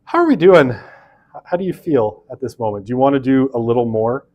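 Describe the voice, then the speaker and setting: A man's voice: mid-range voice, animated, brisk, dull audio. Chatty man lecturing a class. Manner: chatty, many fillers and asides, self-deprecating. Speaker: university lecturer.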